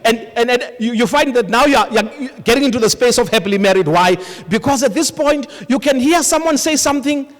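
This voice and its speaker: A male pastor preaching live at a congress, animated and storytelling, often acting out couples talking. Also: very high-pitched, a little fast, hardly any pauses. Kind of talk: live sermon. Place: large congress hall. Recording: long hall reverb from a live congress.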